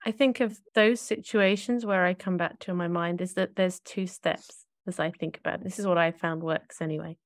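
A woman's voice: fairly low pitch, fairly even intonation, normal speed, hardly any pauses, no echo, studio quality. A woman co-hosting a podcast, talking in a reflective, searching way and often correcting herself mid-thought. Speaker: podcast co-host.

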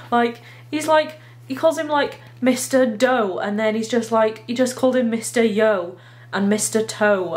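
A woman chatting casually in a vlog about the book she is reading, giggly and self-mocking, filmed at home on a handheld phone. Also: fairly high pitch. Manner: giggly and chatty, laughs at herself. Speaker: book vlogger. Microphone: handheld phone camera.

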